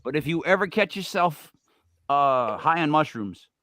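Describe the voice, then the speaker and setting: A man co-hosting a podcast, telling a rambling story with animated, voiced quotes. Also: fairly high pitch, a little slow, no room sound, studio quality. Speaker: podcast co-host. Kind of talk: storytelling banter.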